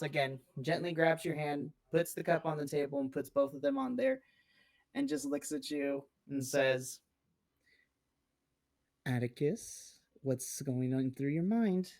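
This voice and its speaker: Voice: medium pitch, normal speed, gravelly. A game master narrating a tabletop role-play scene in a loose, descriptive way, full of "kinda.".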